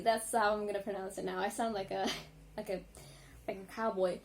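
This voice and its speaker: A woman vlogger reacting to music in a casual, rambling chat, full of ums and likes and quick apologies. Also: mid-range voice, level tone.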